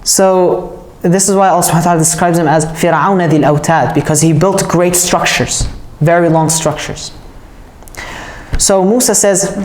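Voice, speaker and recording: A woman's voice: on the low side, normal speed, darkish tone. A woman telling a religious story as a casual lesson, chatty and often checking in with her listeners. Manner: chatty, checks in with "all right?". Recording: roomy echo.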